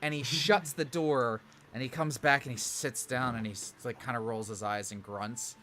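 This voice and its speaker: Man as game master narrating a tabletop game, bright and rambling. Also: mid-range voice, normal speed, a little hiss or hum. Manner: rambling, animated narration with fillers.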